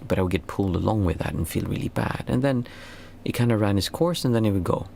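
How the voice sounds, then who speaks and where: Male meditation teacher with a gravelly low voice, casual and earnest, often restarts his sentences and his pitch swings widely. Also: quick pace, darkish tone, a little hiss or hum. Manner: earnest and rambling, with frequent restarts; voice jumps high when stressing a point. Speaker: meditation teacher answering questions. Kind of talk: casual spoken Q&A talk.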